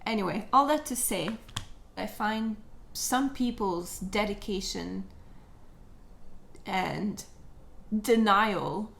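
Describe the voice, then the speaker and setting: A woman chatting casually while doing her makeup, telling a story with jokes and animated retelling. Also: mid-range voice, takes it slowly, vocal fry, long pauses, slight background noise. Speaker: beauty vlogger. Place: at home, living room.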